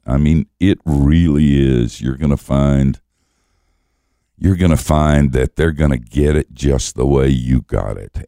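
Very deep gravelly older man. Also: warm tone, no echo, studio quality. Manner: wry, self-mocking humor with frequent chuckles. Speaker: guest, Christian teacher. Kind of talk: storytelling conversation.

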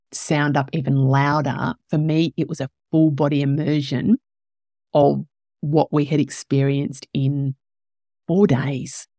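Woman podcast host, candid storytelling, teary, some vocal fry, dead-dry recording. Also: deep voice, warm tone, no echo. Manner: emotional, tearful at moments, candid with swearing. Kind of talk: personal reflective storytelling.

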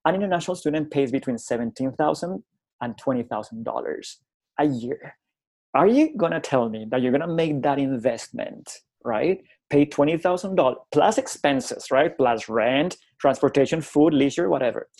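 A man's voice: mid-range voice, vocal fry. A middle-aged man from Colombia, a native Spanish speaker, speaks in a mid-range voice. He tells stories from his teaching work in a conversational way. He acts out the dialogue and keeps checking in with "right?". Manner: animated, acts out dialogue, frequent tag "right?". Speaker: college instructor and guest. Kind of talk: conversational storytelling.

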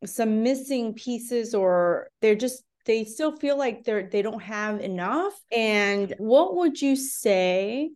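A woman's voice: a little high, animated, slow, hardly any pauses, a little mellow. A woman hosting a podcast and coaching for an exam, encouraging her guest and asking questions in a casual chat. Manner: encouraging, asks leading questions.

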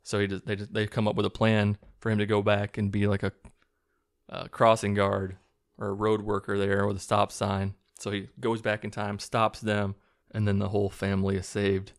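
A man's voice: fairly low pitch, completely flat delivery, moderate pace. A man casually recapping a movie plot in a rambling, chuckling way, swearing and restarting as he goes. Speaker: movie reviewer.

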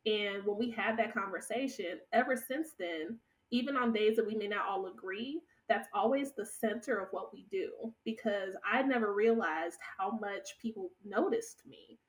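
A woman in her thirties telling stories from her work as a podcast guest, animated and laughing often. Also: mid-range voice, normal speed, hardly any pauses, distant mic, poor audio. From United States. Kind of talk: conversational storytelling.

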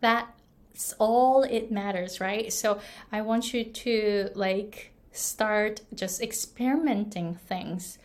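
Slow-talking woman coaching pronunciation. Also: mid-range voice. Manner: relaxed, repeats "right?" and laughs often. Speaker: pronunciation coach and podcast host. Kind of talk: casual solo episode monologue.

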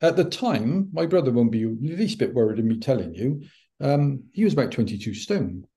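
A middle-aged man, a podcast guest, telling a personal story in an animated way and acting out the dialogue. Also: mid-range voice, moderate pace. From United Kingdom. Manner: animated, acts out quoted dialogue. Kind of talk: anecdotal storytelling.

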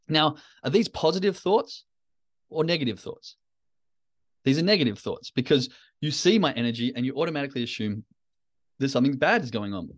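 A man in a casual motivational talk, addressing his audience directly in a candid, coaching way. His voice sits at an ordinary middle pitch for a man. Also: lively intonation, fairly quick, long pauses. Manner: candid, coaching, speaks straight to listeners. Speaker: podcast host.

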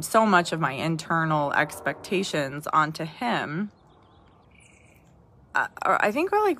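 Bright-voiced woman sharing heartfelt reflections. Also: low-pitched. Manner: heartfelt, frequent restarts and "right?" asides. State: tearful at times. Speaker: podcast host. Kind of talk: personal reflective talk to listeners.

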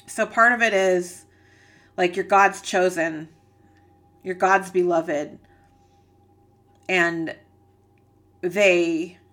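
Bright-voiced woman giving an earnest reading. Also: fairly low pitch, steady tone, extremely slow, pauses often. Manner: rambling, searching for words, many "like"s; emotional, earnest. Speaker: psychic reader. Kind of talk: channeled tarot reading.

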